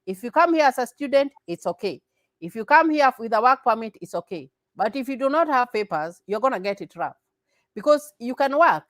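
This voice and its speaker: A woman's voice: a little high, animated, brisk, fairly bright tone, no echo, low-quality recording. Kenyan-born woman chatting in an interview, earnest, repeats stuff, laughs a lot, dry sound. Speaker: interview guest. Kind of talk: casual interview conversation.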